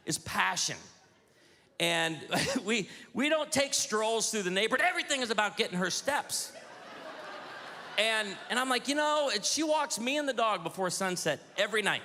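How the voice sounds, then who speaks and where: A man in his forties doing a stand-up comedy routine on stage, telling animated stories with quick asides to the audience. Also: sits high, slight background noise. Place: church hall on stage. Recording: hall reverb with faint audience ambience.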